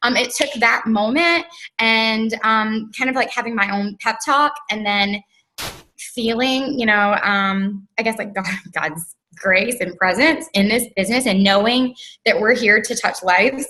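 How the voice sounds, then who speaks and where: A woman with a bright, slightly high voice tells her story as an interview guest. She talks in an earnest, casual way, full of "um"s and "like"s. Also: unhurried, a little hiss or hum, poor audio. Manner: earnest, filler-heavy, with frequent "like" and "um". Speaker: interview guest, network marketer.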